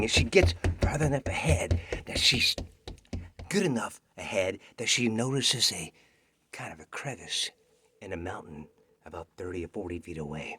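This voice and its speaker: A man's voice: low-pitched, animated, measured pace, long pauses, pushed and bright, slightly rough. A man auditioning with a dramatic scary story, dropping into whispers for suspense. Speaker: actor auditioning. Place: home self-tape.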